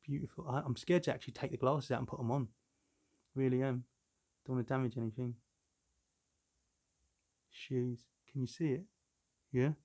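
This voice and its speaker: A man of about fifty, chatting casually and telling jokey stories as he unboxes a collectible. His voice sits at a plain mid pitch, and he rambles with easy humour. The sound comes from a camera mic indoors at home. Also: steady tone, normal speed, pauses often, a little mellow. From London, England. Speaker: collector reviewing a figure.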